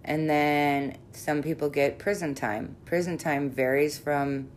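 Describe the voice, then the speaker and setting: A woman's voice: low-pitched, fairly even intonation, takes it slowly, slight background noise. A middle-aged woman therapist speaking frankly and bluntly in a conversational interview, laughing easily and swearing now and then. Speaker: therapist working with sex offenders.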